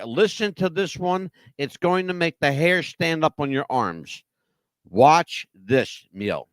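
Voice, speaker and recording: A man's voice: fairly high pitch, animated, slow, dry recording, clean studio sound. A man hosting talk radio, telling a story dramatically with rhetorical questions. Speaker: radio host.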